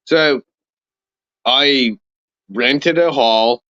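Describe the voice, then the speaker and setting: Slow, bright-voiced Canadian man. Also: mid-range voice, dry recording, muffled recording. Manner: relaxed, rambling, lots of fillers. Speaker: podcast co-host. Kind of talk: casual chat.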